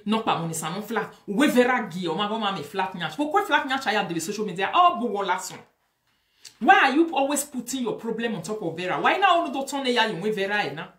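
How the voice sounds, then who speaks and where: A woman's voice: medium pitch, reverberant. A woman with a Nigerian Pidgin accent, lecturing and scolding in a social media commentary. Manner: preachy, lecturing, mixes Pidgin and Yoruba-like phrases. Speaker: online commentator.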